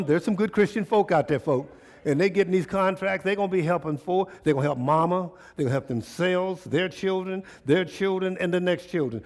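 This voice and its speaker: A man preaching a sermon as pastor in front of his church congregation, folksy and conversational, often asking the listeners rhetorical questions. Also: sits high.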